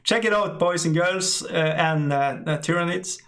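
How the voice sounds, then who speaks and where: A middle-aged English-speaking man hosts a casual live stream, reading out chat in a halting way full of fillers and frequent laughter. His voice is fairly high, creaky, and fairly bright.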